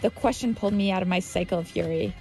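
A woman's voice: lowish voice, level tone, fast talker, mellow, soft background music. A woman telling her own story as scripted narration, tense and vivid. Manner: tense, vivid storytelling with heated quoted outbursts.

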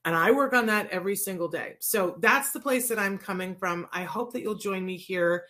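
A woman's voice: mid-range voice, brisk, fairly bright tone. A woman in her forties who hosts a live autism show and podcast, talking in a chatty, casual way with many fillers. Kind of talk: casual live-stream talk. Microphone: live-stream mic.

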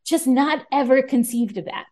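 A woman talking as a podcast guest in casual chat, animated, with frequent restarts. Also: sits high, normal speed.

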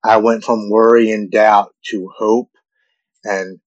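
A man in his forties with a somewhat low voice tells a personal story, earnest and halting, often repeating himself when moved. His voice is recorded close and dry. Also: level tone, dry recording, muffled recording. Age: 40s. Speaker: guest telling his recovery story.

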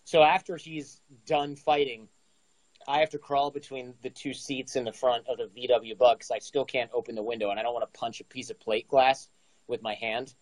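A man's voice: medium pitch, moderate pace, no room sound, poor audio. A man in his forties casually telling a story, acting out the dialogue with energy. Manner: animated, acts out dialogue. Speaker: guest storyteller.

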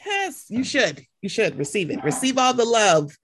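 A woman hosting a podcast in casual chat, animated and profane, acting out quotes in voices. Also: a little high, moderate pace, slightly rough. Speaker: podcast host.

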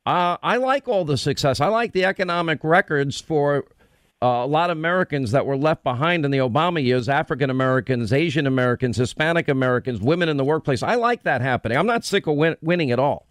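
A man's voice: on the high side, expressive, fast talker, a bit bright, dry recording, studio quality. A man hosting a political talk radio show, speaking emphatically and with a mocking edge.

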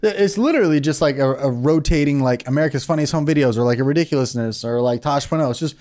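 A young man co-hosting a podcast in casual, swearing, jokey chat, often doing quick voices. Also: on the high side. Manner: animated, swearing, jokey impressions. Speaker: podcast co-host.

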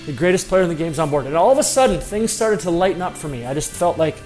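Self-deprecating male storyteller, slightly high voice. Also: lively intonation, fast talker, darkish tone, faint music behind. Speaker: former pro hockey player telling a story. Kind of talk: personal anecdote storytelling.

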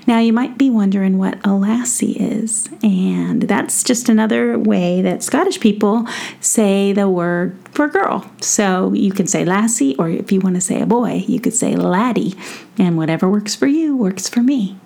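A middle-aged woman hosting a children's podcast, speaking softly and affectionately straight to young listeners in a breathy, near-whispered voice. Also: mid-range voice, normal speed.

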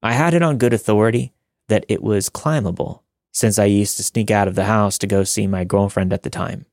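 Man, lowish voice, dry close sound; steady measured narrator for scary story readings. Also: no echo. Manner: steady, measured reading of first-person accounts. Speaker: narrator of listener-submitted scary stories. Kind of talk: scripted horror story narration.

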